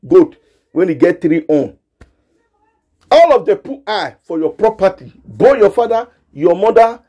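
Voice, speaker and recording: A Nigerian man with a Nigerian Pidgin accent rants as a gossip commentator, his high-sitting voice carrying a dark tone. He scolds the people he criticizes by addressing them directly, repeating himself for emphasis.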